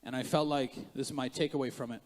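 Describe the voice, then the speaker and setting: A man preaching a sermon as pastor, moving between quiet asides and loud emphatic rises, with joking self-mocking moments. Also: medium pitch, fairly even intonation, quick pace, long reverb tail. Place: church sanctuary.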